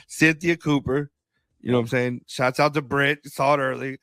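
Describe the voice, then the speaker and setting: A man's voice: mid-range voice, fairly quick, dry recording. Slangy man telling stories, dry sound. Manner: animated storyteller, acts out quotes, laughs often; slangy, swears. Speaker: podcast co-host. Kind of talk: casual chat.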